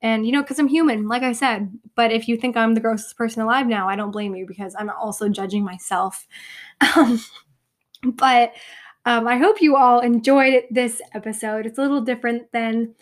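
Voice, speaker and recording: A young woman hosting her own podcast in a rambling, self-deprecating way, full of "like" and "um", her voice going hoarse. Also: fairly high pitch, fairly even intonation, moderate pace. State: losing her voice, slightly hoarse. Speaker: podcast host. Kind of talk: casual solo podcast.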